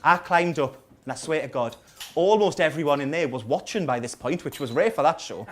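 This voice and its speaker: A Geordie stand-up comedian in his thirties from North East England performs a rambling, self-mocking set with dry asides to a live audience in a small coffee house. His voice is a little high, animated and fairly quick, with a noisy background.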